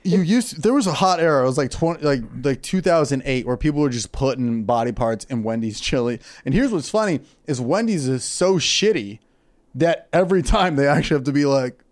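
Dude cohosting a comedy podcast, kinda high voice, goofs around doing silly voices, dry close mic. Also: male voice, animated, a little fast, no echo. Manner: jokey, slips into goofy mobster and gangster voices. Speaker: podcast co-host. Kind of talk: casual comedy banter.

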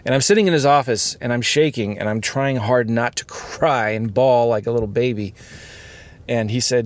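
A man's voice: mid-range voice, normal speed. A man hosting a podcast, talking candidly from inside his car, earnest and rambling with many fillers. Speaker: podcast host.

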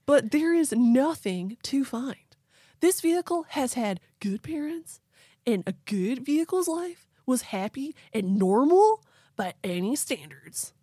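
A woman's voice: fairly high pitch, animated, unhurried, dry recording, clean studio sound. A woman voicing a laid-back male surfer dude, reading his statement in an easygoing surfer drawl with slang.

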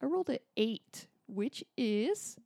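A woman co-hosting a podcast who leads the segment and reacts with quick enthusiasm. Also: on the high side, expressive, gravelly, dark tone. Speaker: podcast co-host running the segment. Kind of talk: casual podcast chat.

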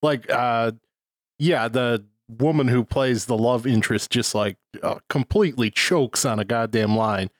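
A man's voice: medium pitch, unhurried, no room sound, clean studio sound. A man co-hosting a casual film review podcast, wry and profane, rambling about the film's faults. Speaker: podcast co-host.

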